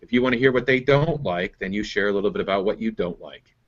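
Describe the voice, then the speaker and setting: Man, business coach, low voice, explains step by step, dull lo-fi call audio. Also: quick pace. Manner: explanatory, repeats "right?" to check in.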